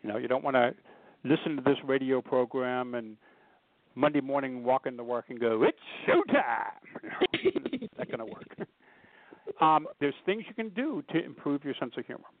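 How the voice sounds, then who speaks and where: A man's voice: medium pitch, brisk, no room sound. A man telling funny stories as a guest in an interview, acting out the voices of the people in them. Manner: animated storyteller acting out quoted voices. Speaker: guest humor speaker. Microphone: phone. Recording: tinny phone line.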